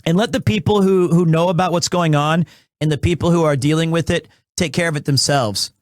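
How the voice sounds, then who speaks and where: A man's voice: on the high side, a little fast, dry recording, studio quality. A young man streaming a game, chatting casually and rambling with lots of restarts. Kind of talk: casual live-stream chat.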